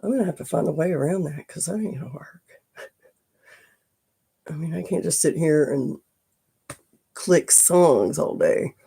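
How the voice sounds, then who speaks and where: A face and body painter chatting casually through a live stream from a home studio, rambling and drifting into soft asides while painting. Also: mid-range voice, a little slow, vocal fry, long pauses, slightly rough.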